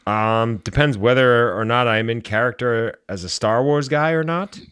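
A man co-hosting a podcast in casual chat, with a deadpan, darkly humorous manner. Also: mid-range voice, normal speed, clear, resonant tone. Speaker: podcast co-host.

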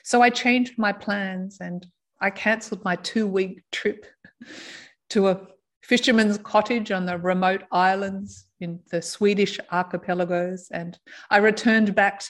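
A woman telling a personal story in a soft, reflective way, laughing now and then. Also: medium pitch, steady tone, measured pace. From Australia. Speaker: intuitive reader.

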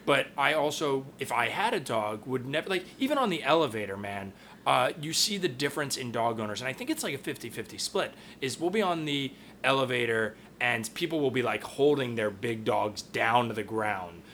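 A young man, a podcast co-host, chatting casually in a blunt, profane, animated way. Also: medium pitch, fairly quick, a little hiss or hum.

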